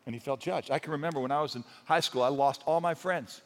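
A man with a fairly high voice preaches in a large church, his words ringing through a long hall reverb. He talks to the crowd like a friend, telling stories with humor, then pushes his points home with rising force. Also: fast. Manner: conversational, storytelling with humor, rises to emphatic. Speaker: pastor. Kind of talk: sermon.

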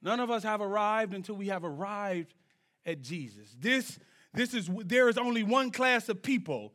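A man preaching a sermon in church, swinging from low, quiet lines to shouted peaks and drawing answers from the congregation. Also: lively intonation, moderate pace. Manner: call-and-response with the congregation. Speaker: pastor.

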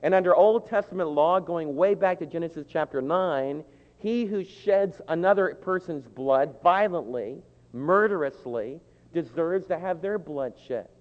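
A man preaching a sermon, animated, acting out shouted quotes. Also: fairly high pitch, unhurried. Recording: dull lo-fi sound with long hall reverb.

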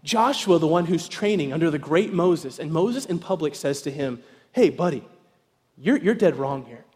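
Animated pastor preaching in a reverberant hall. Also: male voice, a little high, moderate pace. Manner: animated, acts out voices, shouts with excitement. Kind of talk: evening sermon with storytelling. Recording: long reverb in a large hall.

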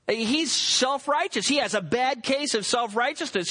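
A male pastor preaching a sermon, reading scripture and explaining it in an animated, conversational way with rhetorical asides. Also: extremely high pitch, unhurried.

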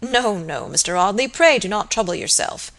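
A woman's voice: mid-range voice, animated, moderate pace, fairly bright tone. A woman reading as a proper village surgeon. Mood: polite. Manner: polite, formal, reserved. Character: quiet, proper middle-aged male village surgeon.

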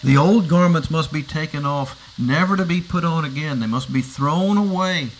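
Guy preaching, kinda high voice, lots of questions to the room, faint hiss behind. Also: normal speed, rough recording. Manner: teaching, asks rhetorical questions; repeats words when restarting. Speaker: pastor. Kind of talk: sermon.

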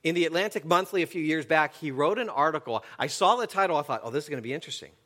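A middle-aged man preaching a sermon, telling stories with animated swings between loud and hushed delivery. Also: a little high, very fast. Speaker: pastor.

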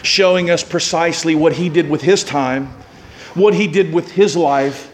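A pastor with a fairly high voice preaches a sermon in church at normal speed, with slight background noise. His delivery builds until it becomes fervent, impassioned, and emphatic.

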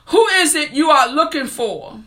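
High, bright-voiced earnest woman preacher. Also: animated, unhurried. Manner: earnest, heartfelt delivery. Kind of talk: sermon with scripture reading.

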